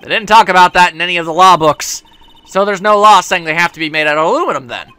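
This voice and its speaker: A man's voice: sits high, quick pace, bright, forceful tone, smooth, no echo. A man voicing a flustered young male lawyer who stammers nervously.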